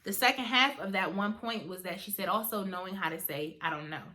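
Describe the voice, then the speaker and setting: A woman's voice: medium pitch, expressive, brisk, sharp tone. A young woman vlogging at home on camera, talking in a chatty, earnest way and calling her viewers "y'all". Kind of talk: casual reflective vlog talk.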